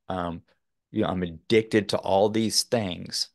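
A man's voice: sits low, fairly even intonation, slow, vocal fry, darkish tone, no room sound, studio quality. A man from Texas, a podcast guest, talking earnestly in a rambling way with many fillers. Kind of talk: casual interview talk.

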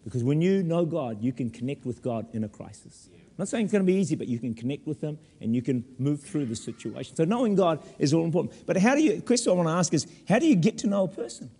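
A man preaching a sermon as pastor in a church, animated with humorous asides. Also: on the high side, fast talker, husky, long reverb tail.

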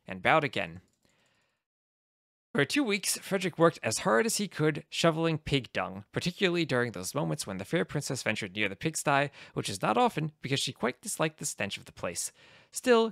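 A man reading a comic fantasy story aloud in a wry, deadpan narrating manner. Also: medium pitch, gravelly, no room sound, clean studio sound. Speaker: reader of fantasy game lore.

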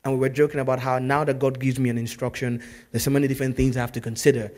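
A man preaching a sermon as pastor, telling stories in a lively way that swings from loud to hushed. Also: mid-range voice, racing.

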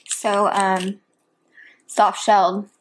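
A woman's voice: mid-range voice, flat delivery, extremely slow, slight background noise. A woman chatting casually between bites in a home eating video. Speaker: mukbang vlogger. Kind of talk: casual chat while eating.

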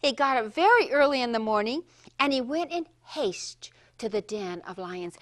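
A woman telling a Bible story to children, speaking straight to the kids and swinging from hushed whispers to loud exclamations. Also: high-pitched, animated, normal speed. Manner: addresses kids directly.

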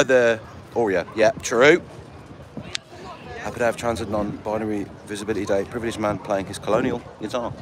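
A man chats casually with his live audience, reading comments aloud and making jokes. His voice sits a little low. Clear street and traffic noise runs behind him. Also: steady tone, fairly quick. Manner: chatty, reads comments aloud, jokey. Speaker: busker talking to live chat. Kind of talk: casual chat.

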